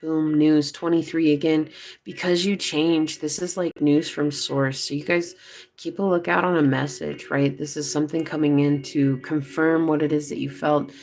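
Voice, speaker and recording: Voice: mid-range voice, flat delivery, normal speed, darkish tone. A tarot reader giving a casual, chatty reading to viewers, talking loosely with lots of fillers.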